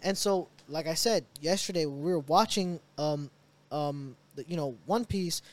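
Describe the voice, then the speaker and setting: A man co-hosting a casual podcast chat, telling stories in an animated way, swearing and acting out reactions. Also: on the high side, a little slow. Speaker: podcast co-host.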